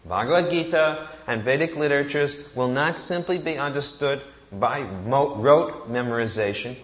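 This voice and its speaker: A man's voice: mid-range voice, normal speed, a bit bright. A man giving a sermon, reciting Sanskrit verses and asking rhetorical questions that he answers himself. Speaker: preacher.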